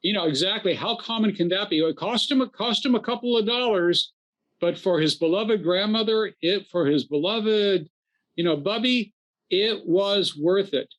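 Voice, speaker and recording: A man's voice: sits high, moderate pace, fairly bright tone. A man, a rabbi co-hosting a casual talk, reflective and fond of humor. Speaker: rabbi, co-host. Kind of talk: casual conversation.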